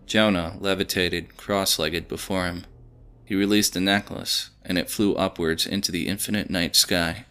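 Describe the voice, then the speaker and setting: A man reads audio fiction in a steady, measured way. His voice is very deep yet bright and forceful, with a crisp, resonant clarity. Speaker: narrator. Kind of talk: scripted narration of audio fiction.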